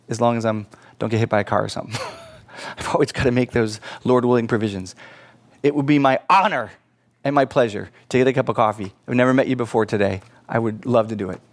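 A middle-aged man preaching a sermon in church, earnest and pleading, with casual asides to the congregation. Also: mid-range voice. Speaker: pastor.

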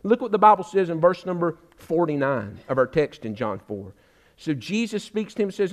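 An older man preaches a sermon, his voice pitched notably high. He exhorts emphatically and keeps appealing directly to his listeners as friends. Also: big pitch swings, fairly quick. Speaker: pastor.

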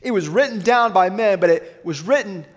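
A man preaching a sermon, asking rhetorical questions and slowing down to read scripture aloud. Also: high-pitched, expressive, long reverb tail. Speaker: pastor.

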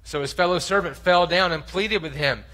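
A man's voice: sits high, moderate pace, sharp tone, rough recording. A man preaching a sermon, reading scripture aloud and acting out its voices with passion. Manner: impassioned, acts out voices in scripture. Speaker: pastor.

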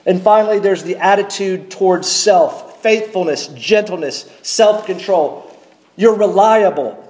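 A man preaching a sermon from the pulpit, measured and emphatic, slowing down to stress key words. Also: sits high, a little mellow, roomy sound, low-quality recording. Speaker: pastor. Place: church sanctuary.

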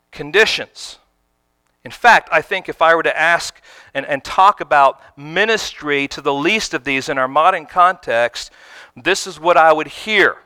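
Emphatic preacher with a bright, crisp voice. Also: male voice, on the high side, dry recording. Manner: emphatic, asks the congregation questions. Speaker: pastor. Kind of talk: sermon.

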